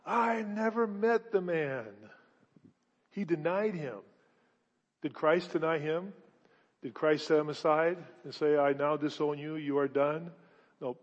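A fairly high-voiced male pastor preaching in a long-echoing church hall, heard through a dull, muffled recording. He drives his points home with repeated words and rhetorical questions, swinging from loud declarations to quiet, intimate asides. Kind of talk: sermon.

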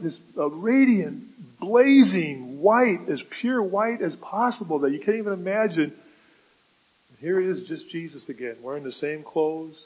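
A man's voice: on the high side, a little mellow, slightly rough, poor audio. A man preaching a sermon as pastor, earnest, repeating words and asking rhetorical questions.

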